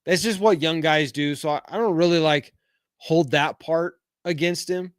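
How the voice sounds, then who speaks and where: On his casual live-chat podcast, a middle-aged male host reads viewers' comments and rambles frankly, using plenty of fillers. His voice is a bit high with a clean tone, delivered at a moderate pace. The studio-quality recording has no room sound.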